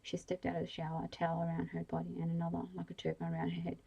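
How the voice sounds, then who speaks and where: A woman whispers a bedtime story in whispered role-play, low and breathy. Her voice has a gravelly edge and a dark, mellow tone. She reads slowly and evenly, with a few slips along the way. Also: monotone, highs cut off. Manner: slow, soothing reading with small slips.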